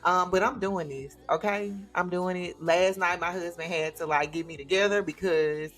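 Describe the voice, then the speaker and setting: A woman hosting her own livestream from home, talking in a relaxed, chatty way and laughing often. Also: lowish voice, normal speed, soft background music. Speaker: livestream host. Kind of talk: casual livestream chat. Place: home with children.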